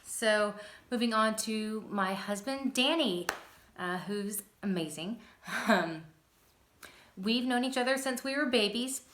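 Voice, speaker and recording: Slow and a little high, with a fairly bright tone, a woman in her thirties chats upbeat to her camera about her epilepsy journey, laughing often. She's in her living room, filmed on a phone or camera on a stand, and the audio carries roomy home echo plus a little hiss or hum.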